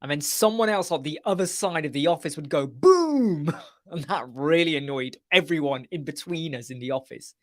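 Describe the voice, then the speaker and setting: A man's voice: on the high side, fairly quick, hardly any pauses, no room sound, clean studio sound. A man hosting a casual live web chat, answering viewers by name in a chatty, joking way. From United Kingdom.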